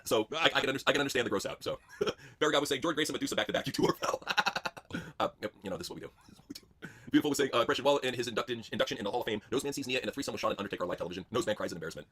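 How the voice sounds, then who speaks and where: A man hosting a stream, reading chat comments aloud and joking crudely with a fast, laughing delivery. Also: mid-range voice, lively intonation, a bit bright. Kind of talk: casual chat with crude impressions.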